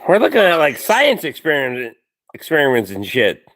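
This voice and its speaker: Animated, stammering Canadian man. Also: fairly high pitch, moderate pace. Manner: stammering, excitable, laughs a lot. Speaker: live stream host. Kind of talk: casual chat.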